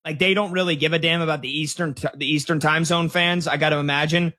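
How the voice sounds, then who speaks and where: A man co-hosting a live sports talk show, calling game results with excited emphasis. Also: on the high side, quick pace. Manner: excited, emphatic score updates.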